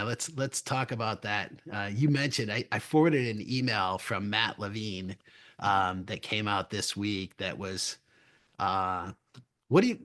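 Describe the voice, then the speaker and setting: Rambling middle-aged male podcast co-host. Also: on the low side. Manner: rambling storyteller, chuckles often, frequent restarts. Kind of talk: casual chat.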